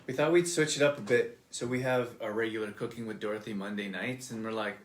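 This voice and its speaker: Low-voiced man chatting on a live stream. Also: steady tone, fast, reverberant. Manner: loose, rambling explanations with restarts. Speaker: co-host of a live nutrition show. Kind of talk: casual live-stream chat.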